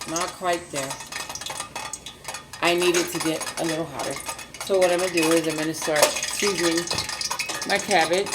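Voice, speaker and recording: Older woman, lowish voice, chatty home-cooking host; pans clatter behind her. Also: steady tone, moderate pace, long pauses. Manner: chatty and rambling, talks to viewers as she works. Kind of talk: casual cooking demonstration. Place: home kitchen. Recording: noisy kitchen with clattering pans.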